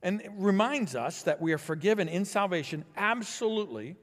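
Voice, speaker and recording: A man preaching a sermon as pastor, building to emphatic swells and then dropping low and quiet. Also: lively intonation, brisk, long reverb tail.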